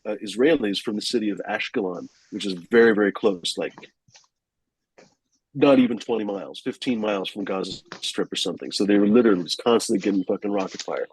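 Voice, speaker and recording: A man's voice: on the low side, a little fast, husky, rough recording. A man telling a long story casually, rambling and profane, with many fillers and restarts.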